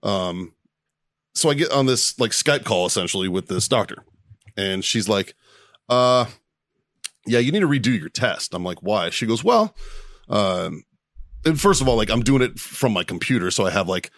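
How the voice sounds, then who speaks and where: In a clean studio without echo, a man with a fairly low voice hosts a podcast at normal speed. His casual storytelling is lively, with frequent laughs and unrestrained swearing.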